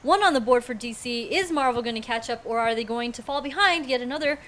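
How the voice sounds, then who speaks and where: A woman's voice: a little high, fast talker, fairly bright tone. A woman hosting a live comic book show, running the rounds and reading sponsor plugs in an upbeat, announcer-like manner. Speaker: show host.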